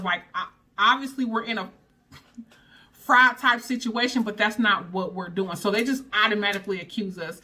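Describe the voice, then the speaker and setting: A woman vlogger telling a storytime, casual and animated, full of slang and dramatic retelling. Her voice is bright and sharp, with a mid-range pitch. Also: normal speed.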